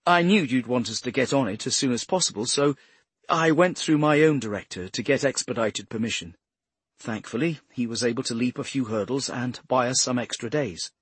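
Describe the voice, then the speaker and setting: A composed woman detective explains herself politely, as a male narrator voices her. The voice sits higher than his own and stays husky and dry. She keeps a measured, careful tone. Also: dry recording, lightly acted. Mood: placating. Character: composed female detective inspector, diplomatic.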